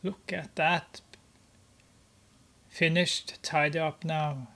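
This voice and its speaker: Slow, hesitant gameplay commentator. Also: mid-range voice, steady tone, sharp tone. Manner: narrates with many hesitations and amused exclamations. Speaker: gamer.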